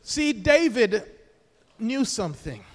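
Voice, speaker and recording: Man, pastor, very high voice, impassioned sermon, hushed then loud, hallelujahs, long echoing church reverb. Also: sing-song, slow. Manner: repetitive call-and-response preaching with hallelujahs. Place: church sanctuary.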